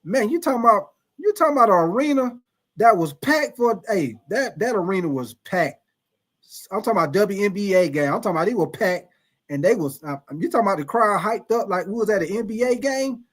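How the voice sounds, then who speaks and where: Young streamer guy, high voice, laid-back slangy delivery, reads chat. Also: expressive, a little fast, fairly bright tone. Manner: laid-back, loose slang, laughs often. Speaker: live stream host. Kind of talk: casual live stream chat reading viewer comments.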